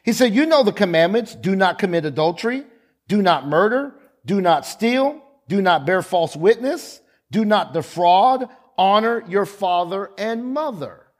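A man preaching a sermon, slow and emphatic, with repeated lines and dramatic pauses. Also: high voice, expressive.

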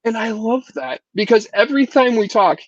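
Brief: earnest podcast guest, high-pitched man, dull and dry audio. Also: normal speed, vocal fry, no room sound. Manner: earnest and reflective, with many restarts. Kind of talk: casual podcast chat.

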